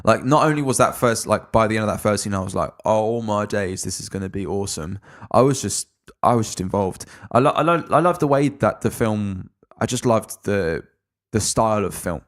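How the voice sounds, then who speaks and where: Young male co-host, lively laughing storyteller, casual chat. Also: lowish voice, brisk. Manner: animated, laughing storyteller who acts out voices. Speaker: podcast co-host.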